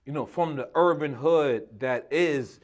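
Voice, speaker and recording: A man from Queens, New York, talking as an interview guest in an excitable, emotional way and laughing often. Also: fairly high pitch, measured pace. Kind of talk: casual interview chat.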